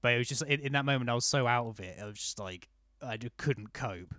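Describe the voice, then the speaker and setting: A man's voice: mid-range voice, fast talker, bright, forceful tone, no echo, studio quality. A man in casual chat, telling rambling anecdotes full of fillers and restarts.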